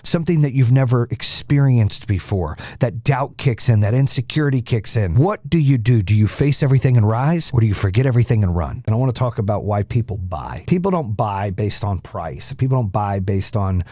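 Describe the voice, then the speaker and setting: A man's voice: medium pitch, a little mellow, no room sound, clean studio sound. A middle-aged man hosting a podcast, giving blunt, fired-up motivational talk and swearing freely. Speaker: podcast host.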